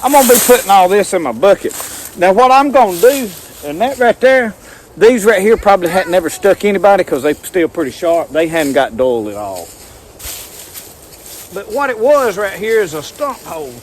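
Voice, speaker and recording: A man with a high, sing-song voice speaks at normal speed while filming a casual outdoor demonstration in the woods. He rambles folksily to viewers through his handheld camera mic, with slight background noise.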